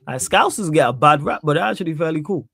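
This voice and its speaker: A young Mancunian man with a gravelly, creaky edge to his voice, chatting casually about football in a loose, slangy way. His voice is close and dry, with no room sound around it. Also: a little high, animated, fast talker, a bit bright, no room sound. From Manchester, England. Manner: laid-back, laughs often, slangy. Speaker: podcast host.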